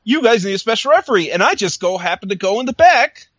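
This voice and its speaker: A man's voice: high-pitched, very animated, fast talker, a bit bright, dry recording, muffled recording. A man co-hosting a podcast, chatting casually and animatedly, acting out lines and laughing often. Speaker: podcast co-host. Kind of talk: casual recap chat.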